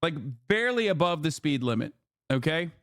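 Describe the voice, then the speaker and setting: A man's voice: a little high, sing-song, fairly quick, a bit bright, dry recording, clean studio sound. Emphatic, swearing male commentator. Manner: profane, emphatic, keeps saying "okay?". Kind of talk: casual video commentary.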